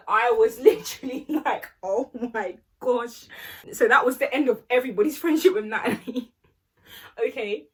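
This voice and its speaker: A young woman telling an animated, slangy storytime vlog. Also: high voice, husky. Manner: animated, slangy, laughs often while telling. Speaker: vlogger.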